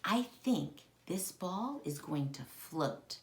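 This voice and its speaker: A woman teaching a kindergarten lesson, talking directly to young children in a warm, exaggerated teacher voice with wide swings. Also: sing-song. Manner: slow, sing-song teacher voice with big pitch swings.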